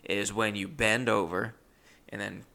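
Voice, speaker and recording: A man's voice: lowish voice, little pitch movement, measured pace, gravelly, sharp tone. A young man, a comedian, telling a rambling, self-deprecating story. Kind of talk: comic storytelling.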